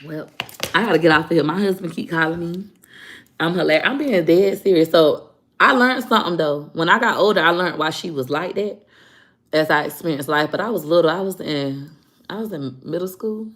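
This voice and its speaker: A woman in casual vlog storytelling, animated and joking. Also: on the low side, fairly quick. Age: adult. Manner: animated storyteller, acting out quotes. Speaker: vlogger.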